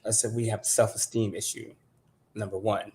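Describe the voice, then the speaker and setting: An American man co-hosting a casual talk show, blunt and animated as he tells stories and answers comments. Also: on the low side, normal speed, slight background noise. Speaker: podcast co-host. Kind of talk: casual chat.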